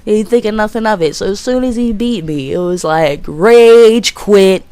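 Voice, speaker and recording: A woman in her twenties, a gaming commentator, telling a childhood story in a casual, profane, animated way. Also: medium pitch, moderate pace, clean tone, no echo. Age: 20s.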